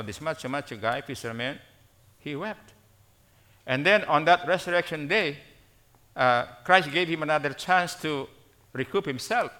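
A man's voice: on the high side, bright, forceful tone. A man preaching a sermon, repeating phrases for emphasis and checking in with "okay?".

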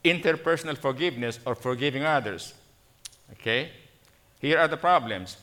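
A male preacher delivers a sermon in a church, his tone bright and forceful. He repeats key phrases for emphasis and keeps asking the congregation "okay?". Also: medium pitch, animated, moderate pace.

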